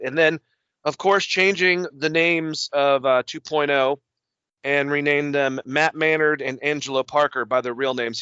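Guy ranting on a podcast, cussing a lot, bright voice, kinda dull dry sound. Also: fairly high pitch, no echo. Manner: animated, swears a lot, rambling. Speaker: podcast host. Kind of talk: casual wrestling talk.

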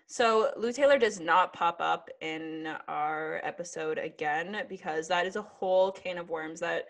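A woman's voice: on the low side, measured pace, a bit bright. A woman hosting a podcast, chatting casually, sassy and swearing freely as she tells a story. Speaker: podcast host. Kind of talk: casual chat.

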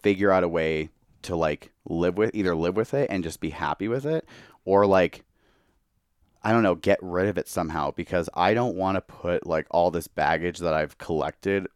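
Deep-voiced tipsy young man, candid. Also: moderate pace, clean tone, dry recording, clean studio sound. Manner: candid, heavy use of "like". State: tipsy from tequila. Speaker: podcast guest. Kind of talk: casual chat.

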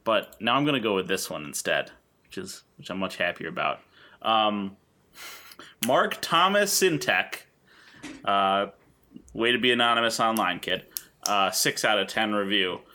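A man's voice: fairly low pitch, lively intonation, unhurried, long pauses, sharp tone, a little hiss or hum. A man putting on an English accent to read out an online film review as a dry, unimpressed amateur critic. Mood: sardonic. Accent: put-on English accent. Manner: wry, mocking delivery. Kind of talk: mock reading of a review.

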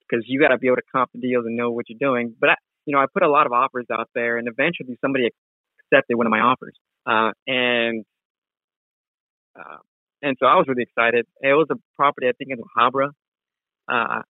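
A man's voice: mid-range voice, steady tone, a little fast, dry recording. A man, a real estate wholesaler, telling a story in a casual interview with many fillers and restarts. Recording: tinny phone-like sound.

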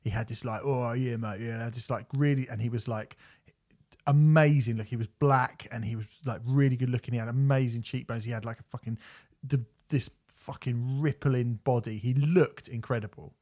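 A man co-hosting a podcast, telling animated stories in casual chat, swearing and laughing often. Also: mid-range voice, normal speed. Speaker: podcast co-host.

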